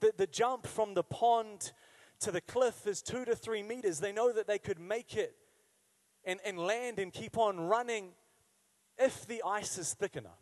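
Pastor, male, high voice, chatty sermon delivery, leans on repetition. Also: measured pace, a little mellow. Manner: conversational, engages listeners with questions; emphatic repetition.

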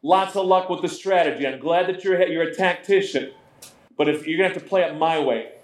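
A man's voice: on the high side, brisk, slight background noise, close to an everyday voice. A man voicing an unruffled heavenly army commander who speaks in a breezy, slangy, offhand way. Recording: roomy echo.

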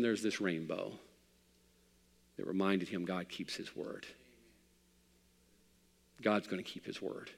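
A man preaching a sermon as pastor, swinging between loud passages and hushed ones. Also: deep voice, fairly even intonation, takes it slowly, gravelly, long pauses, big-room sound.

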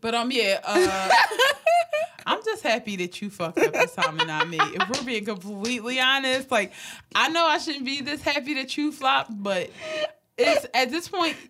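A woman in her late twenties co-hosting a podcast in casual chat, animated, laughing often and swearing freely. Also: high voice, moderate pace, background noise. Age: late 20s. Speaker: podcast co-host.

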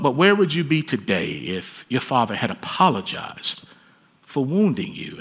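A man preaching a sermon, dropping to hushed pleading and then rising into loud, emphatic peaks. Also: mid-range voice, breathy edge. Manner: swings from hushed pleading to soaring shouted emphasis. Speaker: pastor.

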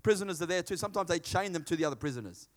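A middle-aged man preaches a sermon in a slightly high voice, talking rapid-fire. He tells stories with animation, acting out dialogue in a hushed voice.

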